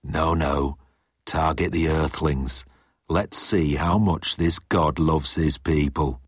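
A man voicing a cold, menacing male alien commander who speaks slowly. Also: fairly even intonation, husky, no echo, clean studio sound, heavily acted. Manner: slow, low and cold.

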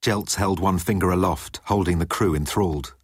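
A man reading a story aloud as narrator, in a lively storytelling way. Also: low voice, normal speed, breathy edge, no echo, studio quality. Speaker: audiobook narrator. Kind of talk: scripted narration.

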